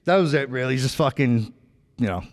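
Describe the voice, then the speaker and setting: Fairly quick and expressive, this medium-pitched male voice belongs to a New York podcast host spinning rambling, profane stories. He keeps dropping "right?" and "bro" in the casual chat, and the recording has a long hall reverb.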